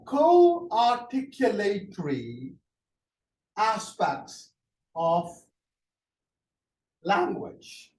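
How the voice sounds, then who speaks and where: A man lecturing on linguistics to a class, speaking in a slow, halting way, often praising the students and pausing with fillers. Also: very high-pitched. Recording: echoey room, distant from the mic, faint background noise.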